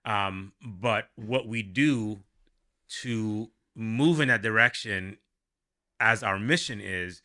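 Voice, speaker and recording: A young adult man hosting a casual podcast as a worship leader, animated and laughing, thinking aloud with restarts. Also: fairly low pitch, slow.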